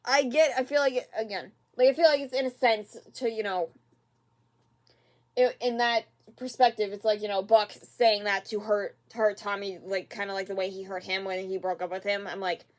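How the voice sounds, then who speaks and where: A person hosting a reaction video, talking casually and rambling with many fillers and repeats, sighing in exasperation at the show. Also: female voice, medium pitch, steady tone, normal speed.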